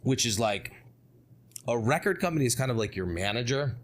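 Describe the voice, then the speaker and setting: A man guest on an interview podcast, talking in a casual, animated way, full of rhetorical questions and asides. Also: mid-range voice, brisk. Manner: animated, asks rhetorical questions, frequent "you know what I mean".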